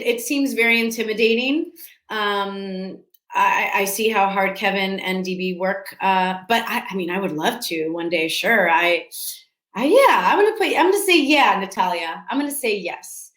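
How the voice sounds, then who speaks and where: A woman chats through fan questions in a loose, scattered way, often restarting her sentences and laughing. Her voice sits at a middle pitch. She sounds like she is in a room at home with a noticeable echo. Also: measured pace, fairly bright tone. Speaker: actress answering fan questions. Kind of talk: casual virtual fan panel. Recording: echoey room.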